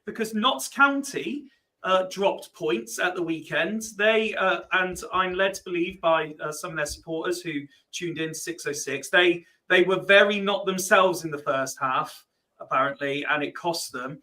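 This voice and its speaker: A man's voice: high voice, measured pace, bright, forceful tone, rough recording. A man co-hosting a football podcast, chatting in a wry, sarcastic way. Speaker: podcast co-host. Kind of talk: casual football chat.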